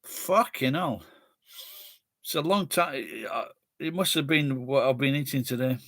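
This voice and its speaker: A man's voice: medium pitch, a little slow, a bit bright, no room sound, studio quality. A middle-aged man with a Sheffield accent, rambling in casual chat with friends and swearing bluntly. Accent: Sheffield English. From Sheffield, England.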